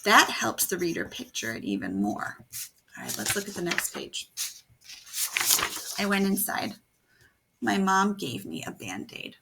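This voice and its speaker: A woman writing teacher modeling how to revise a story aloud, thinking out loud and animated as she reads lines from the draft. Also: mid-range voice, a little slow, vocal fry, pauses often, very noisy.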